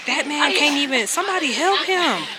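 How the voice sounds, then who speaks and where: A woman's voice: sits high, expressive, moderate pace, over a noisy crowd, poor audio. A young woman vlogging by a lakeside cliff, chatting and joking in slang as she films on a handheld camera. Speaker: travel vlogger. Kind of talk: casual vlog chat. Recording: loud outdoor noise.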